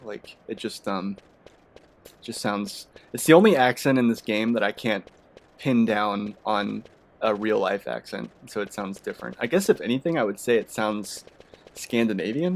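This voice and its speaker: Rambling young man commenting on a game. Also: fairly low pitch. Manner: rambling, lots of filler words. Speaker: let's play commentator. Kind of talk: casual gameplay commentary.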